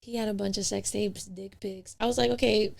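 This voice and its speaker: A woman's voice: mid-range voice, steady tone, brisk, creaky. A young woman, a podcast guest, chatting casually and telling her dating stories in a blunt, candid way with some swearing. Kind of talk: casual chat.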